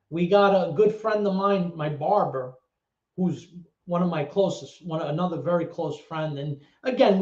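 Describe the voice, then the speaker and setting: A man with a New York accent telling personal stories in a rambling, profane way, full of fillers and restarts. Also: on the high side. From the Bronx, New York. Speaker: guest. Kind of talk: casual personal storytelling. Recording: roomy, dull lo-fi sound.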